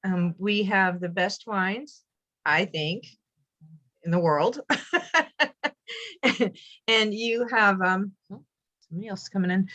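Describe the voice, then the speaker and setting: Woman, bright voice, upbeat casual pitch on a muffled video call. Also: slow, long pauses. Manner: upbeat, with filler ums. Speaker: wine club member.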